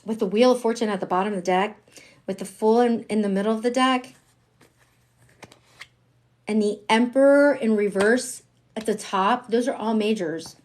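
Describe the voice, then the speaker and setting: A woman giving a live-streamed tarot reading, chatty and emphatic, dropping slang and swinging between hushed asides and excited outbursts. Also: on the high side, moderate pace, pauses often. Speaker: tarot reader.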